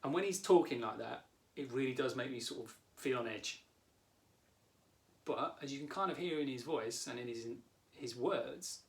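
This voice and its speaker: Calm man coaching viewers. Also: mid-range voice. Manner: calm, warm explaining, talks directly to the viewer. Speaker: therapist and coach. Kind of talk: coaching video lesson.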